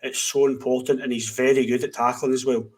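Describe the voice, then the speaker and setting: A man's voice: medium pitch, little pitch movement, brisk, slightly rough. A man co-hosting a football podcast, chatting casually and steadily about his club. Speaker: podcast co-host.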